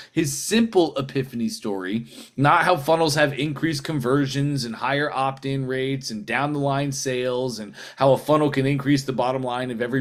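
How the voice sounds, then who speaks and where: A man coaching a group in a casual teaching talk, telling stories in a lively, rambling way and acting out what people said. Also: medium pitch. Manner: animated storyteller who acts out quotes; loose and rambling, with restarts. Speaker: sales training coach.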